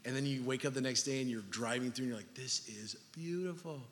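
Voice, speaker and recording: A man in his thirties preaching a sermon, animated and jokey, acting out little everyday scenes to make his points. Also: medium pitch, a little fast. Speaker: pastor. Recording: long hall reverb.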